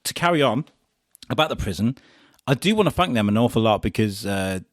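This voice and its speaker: A man tells stories in a relaxed podcast chat, animated and quick to laugh. His voice sits at an ordinary middle pitch. The sound is dry and close, with no room echo. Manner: animated storyteller, laughs often. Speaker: podcast host being interviewed. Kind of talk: casual chat.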